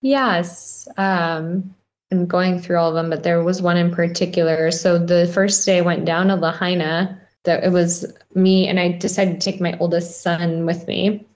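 A woman with a fairly low voice gives a personal account as an interview guest. She talks haltingly, often restarting and filling pauses with "like" and "um". The recording sounds dull and lo-fi. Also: a little mellow. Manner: halting storytelling with many fillers and restarts. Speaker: guest, local resident.

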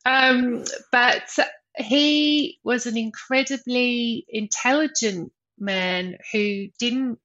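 Slow reflective woman, lo-fi sound. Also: on the high side. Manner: slow, reflective, laughs softly. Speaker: guest, sobriety coach. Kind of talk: reflective interview conversation.

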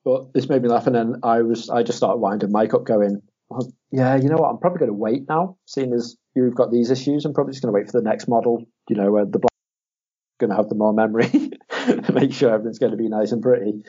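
Young man, casual podcast chat, animated storyteller, mellow husky voice. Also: mid-range voice. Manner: animated storytelling, acts out quotes in a raised voice, swears, laughs often. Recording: dull lo-fi audio.

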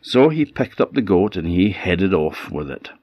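Deep-voiced Orkney storyteller. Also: male voice, normal speed, no room sound, lo-fi sound. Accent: Orcadian Scottish. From Orkney, Scotland. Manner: conversational, lively telling. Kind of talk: oral folk storytelling.

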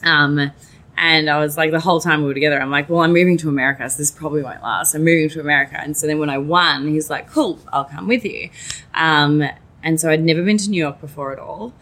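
A woman with a fairly low voice telling a long personal story in a relaxed chat. She fills her speech with "like" and swears casually. She acts out the lines of everyone in the story in lively voices. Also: quick pace. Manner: animated, quotes herself and others in lively voices. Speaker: guest.

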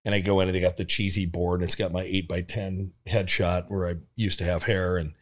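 Middle-aged male comic, slightly low voice, lively anecdote teller in podcast chat. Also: brisk. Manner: animated storyteller who laughs through his stories. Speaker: guest comedian. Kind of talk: casual podcast storytelling.

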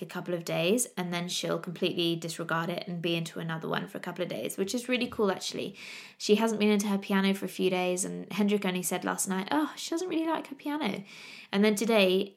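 A woman's voice: mid-range voice, creaky. A woman, hosting a podcast and chatting in a laughing, exasperated storytelling way. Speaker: podcast host. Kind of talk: casual chat.

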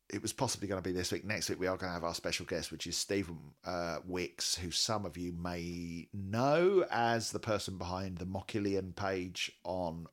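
A man co-hosting a podcast, chatting casually with wry, self-mocking humour. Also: sits low. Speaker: podcast co-host. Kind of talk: casual chat.

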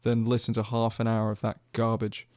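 A man co-hosting a podcast, dropping wry, deadpan asides in casual banter. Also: fairly low pitch, moderate pace. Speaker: podcast co-host.

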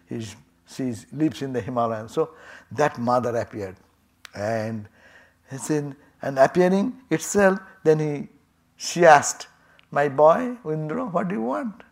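A man's voice: medium pitch, vocal fry. A man, a swami and minister, giving a storytelling sermon in a temple, acting out the characters' lines and chuckling as he goes. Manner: chuckling, animated retelling with quoted dialogue.

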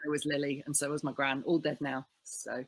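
A woman's voice: sits low, little pitch movement, fairly quick, no room sound. A woman in her thirties from South Africa, a comedian chatting casually and laughing often. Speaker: comedian guest. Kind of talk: casual chat.

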